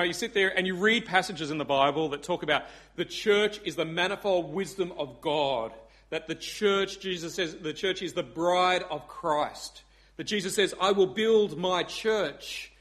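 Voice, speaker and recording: Male pastor, casual sermon, higher voice, easy joking manner. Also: moderate pace, fairly bright tone.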